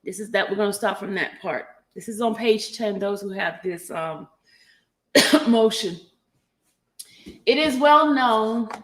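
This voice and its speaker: Slow-talking woman livestream host. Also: mid-range voice. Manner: chatty, greets viewers by name, apologetic asides. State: coughing, catching her breath. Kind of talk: casual livestream talk, reading documents aloud.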